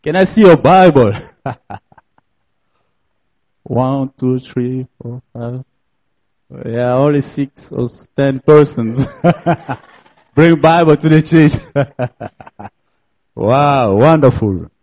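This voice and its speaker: A man's voice: mid-range voice, a little mellow, muffled recording. A young man from DR Congo, a native French speaker with a French accent, preaching as a guest in a church, repeating phrases and laughing often. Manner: slow, repetitive, laughing often. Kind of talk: sermon.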